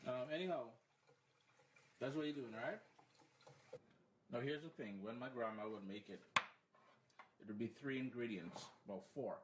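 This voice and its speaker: A man hosting a relaxed, chatty cooking demonstration at home, explaining each step. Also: medium pitch, a little slow, pauses often. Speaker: cooking show host. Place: home kitchen, then living room. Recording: echoey room, faint background noise.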